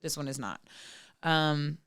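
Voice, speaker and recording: A woman's voice: deep voice, slow, fairly bright tone, smooth, no room sound, clean studio sound. A woman in her thirties talking candidly and profanely as a podcast guest, full of "like" fillers. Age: 30s. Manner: frank, profane, many "like" fillers. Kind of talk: candid casual chat.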